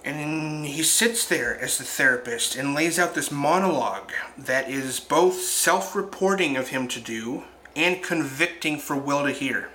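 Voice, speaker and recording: A man's voice: fairly high pitch, measured pace, few pauses, sharp tone, slight background noise. A man narrating a casual film review, retelling scenes with reflective asides.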